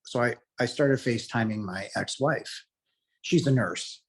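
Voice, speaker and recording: A man's voice: medium pitch, measured pace, husky. A middle-aged man earnestly telling his personal story as an interview guest, rambling along with lots of "you know" fillers.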